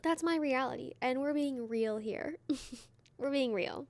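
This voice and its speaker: A woman's voice: high voice, measured pace, pauses often. A young woman hosting her own podcast alone, chatting casually in a rambling, self-mocking way with lots of fillers. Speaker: podcast host. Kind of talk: solo casual podcast chat.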